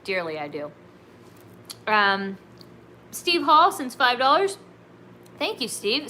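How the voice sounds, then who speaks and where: Brief: bright, bubbly woman from California chatting to her livestream. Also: fairly high pitch, very animated, slow, long pauses, slight background noise. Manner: bubbly, giggly, says "like" and "dude" a lot. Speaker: livestream host. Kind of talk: casual solo livestream chat.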